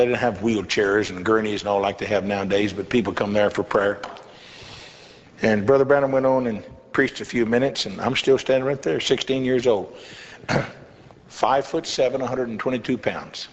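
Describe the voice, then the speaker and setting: An older man, a pastor, telling a folksy testimony in a sermon with chuckling asides. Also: medium pitch. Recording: echoey hall, slightly dull with faint hiss.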